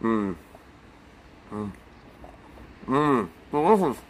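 A man's voice: mid-range voice, big pitch swings, very slow, a little hiss or hum. A young man streaming outdoors by a pool, chatting casually with his viewers and often bursting into laughter. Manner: laid-back, talks to chat, bursts into laughter. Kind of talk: casual live-stream chat.

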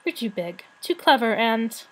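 A woman's voice: fairly high pitch, very animated, unhurried, fairly bright tone, exaggerated voice, poor audio. A woman doing a plain-spoken little rat. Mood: matter-of-fact.

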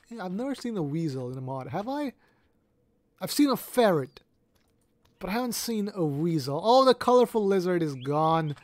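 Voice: mid-range voice, dry recording. A gaming video creator giving casual, playful gameplay commentary, laughing often and hamming up mock-dramatic lines.

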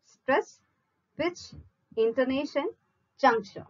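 A woman teacher slowly reading out multiple-choice questions, listing each option before giving the answer. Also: sits high, highs cut off. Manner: measured, reads each option in a list then gives the answer. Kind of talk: slow read-out quiz lesson.

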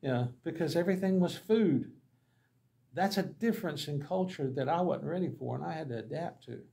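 A man's voice: a little high, lively intonation, a little fast, vocal fry, warm tone. A man, a pastor teaching a Bible class, telling folksy, humorous mission stories and acting out the dialogue. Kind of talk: anecdotal Bible lesson storytelling.

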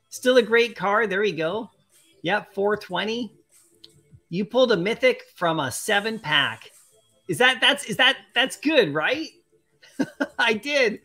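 A bright-voiced, excitable streamer with a medium pitch opens collectible card packs on a live stream. Chatty and quick to laugh, she reads viewer comments aloud in casual conversation.

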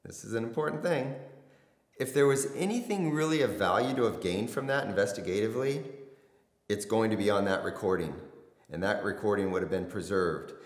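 A middle-aged man, a former detective, recounting a case in blunt, conversational interview talk. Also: low voice. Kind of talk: casual storytelling interview. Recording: echoey room with long reverb.

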